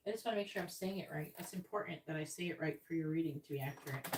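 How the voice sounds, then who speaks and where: A woman's voice: deep voice, reverberant. Woman psychic reading live to viewers, patient but a little exasperated, recorded a bit off-mic with faint hiss. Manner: talks to viewers, repeats and spells out signs, letters and numbers slowly. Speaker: psychic reader on a live stream. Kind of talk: live-stream card reading. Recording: slightly distant mic with faint noise.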